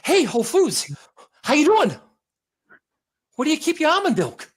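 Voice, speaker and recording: A man does an impression of a breathless, punchy tough-guy movie star, using a hoarse, very high full character voice pitched above his own. His pitch swoops wildly at normal speed, and the mood is swaggering.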